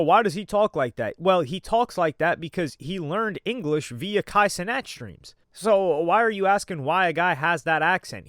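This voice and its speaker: A young man with a fairly high voice rants in heated, exasperated commentary. He mocks others in quick put-on voices, and the sound is close and dry with no room around it. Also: smooth, no echo. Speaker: streamer commentator. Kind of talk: opinionated commentary rant.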